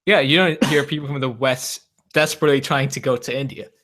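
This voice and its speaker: A man with an ordinary mid-range voice talks in a relaxed, agreeable way during a casual chat. He drops in "like" often and tends to go along with the other speaker. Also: medium pitch, a little fast. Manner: easygoing, agreeable, many "like"s. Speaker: discussion participant.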